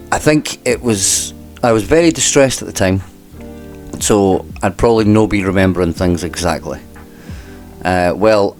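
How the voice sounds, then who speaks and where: Male host, low voice, reads court transcript aloud, measured delivery with dry wry asides. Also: darkish tone. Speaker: channel host reading court testimony. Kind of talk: reading a transcript aloud with commentary.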